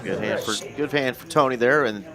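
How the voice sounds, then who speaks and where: A man's voice: medium pitch, a little fast. A man with a Southern American accent co-commentating a live poker stream in a friendly, chatty way. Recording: loud crowd noise in background.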